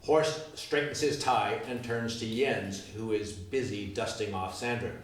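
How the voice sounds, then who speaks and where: A man narrating the stage directions of a musical reading in a lively, expressive way. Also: fairly low pitch, a little slow, a little hiss or hum. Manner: lively, expressive read-aloud. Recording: echoey room from far off.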